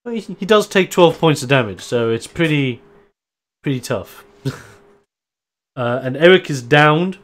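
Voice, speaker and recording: A man's voice: fairly high pitch, lively intonation, measured pace, long pauses, fairly bright tone. A man running a tabletop role-playing game as game master, narrating the action casually and laughing often.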